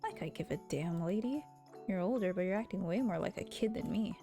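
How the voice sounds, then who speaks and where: Woman putting on a sullen rude boy, curt insults, lower dark tone, faint music. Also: expressive, brisk, lightly acted. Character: rude gloomy village boy.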